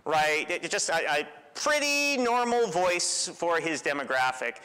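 A man preaching a sermon in a relaxed, storytelling way, with self-deprecating humor. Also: on the high side, unhurried, clean tone. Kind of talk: conversational sermon. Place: church sanctuary. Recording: long church reverb.

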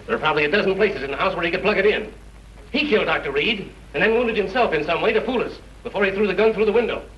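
A man playing a fast-talking, accusing sleuth. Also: sits high, natural voice. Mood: urgent. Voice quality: urgent, accusing, rapid. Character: sharp-witted young man exposing the killer. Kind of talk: 1930s film acting. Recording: dull, hissy 1930s film soundtrack.

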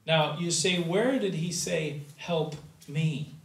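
Male pastor, fairly high voice, slow deliberate sermon delivery with loud bursts and hushed drops; recorded from a distance in an echoey sanctuary. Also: creaky. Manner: preaching with sudden loud rises and quiet drops. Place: church sanctuary.

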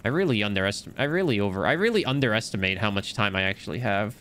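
A young man chatting casually while streaming a game, telling stories with big rises in his voice when excited. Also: quick pace, slight background noise. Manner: animated storytelling, swings high when excited. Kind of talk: casual gameplay commentary.

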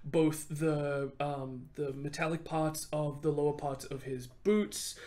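A man hosting a podcast, telling a history story in an animated, casual way and laughing often. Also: on the high side, takes it slowly. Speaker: podcast host.

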